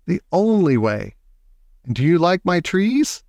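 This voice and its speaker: A man voicing an eccentric, excitable male chocolate maker who talks in a gushing, showy way. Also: a little slow, no echo, clean studio sound, heavily acted. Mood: delighted. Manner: gushing, showy, high and bouncy.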